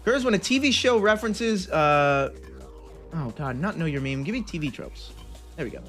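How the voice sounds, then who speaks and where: A man's voice: a little high, very animated, normal speed, a bit bright, faint music behind. A young man streaming, chatting casually and rambling with frequent restarts and self-interruptions.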